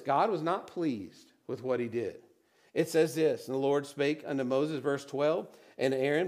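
A man preaching a sermon, reading scripture aloud and then explaining it conversationally, dropping to quiet emphasis on key words. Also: a little high. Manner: animated, drops to quiet emphasis. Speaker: pastor.

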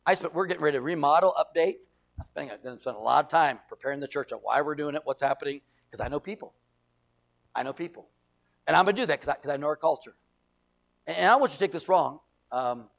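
A man's voice: a little high, creaky. A middle-aged man from the United States preaching a sermon as pastor, emphatic, repeating phrases and acting out quoted voices.

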